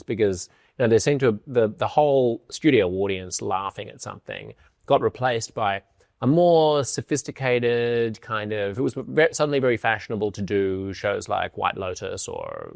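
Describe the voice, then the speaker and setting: Deep-voiced podcast host. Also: male voice, normal speed, gravelly, darkish tone, no room sound, studio quality. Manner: articulate, fluent, analytical. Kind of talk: casual interview. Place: indoor room in London.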